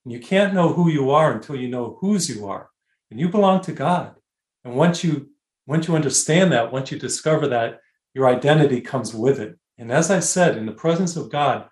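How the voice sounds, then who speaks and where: A man sharing a spiritual experience in an interview, earnest and emphatic, slowing down on key words and trailing off softly. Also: mid-range voice, reverberant. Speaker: guest author. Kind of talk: conversational interview, spiritual testimony.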